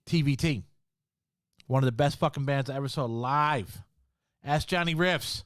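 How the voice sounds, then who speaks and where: Ranting, swearing man with a smooth voice. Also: mid-range voice, normal speed, a bit bright, no room sound, clean studio sound. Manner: heated, swearing, repeats himself. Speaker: podcast host. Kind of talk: profane solo rant.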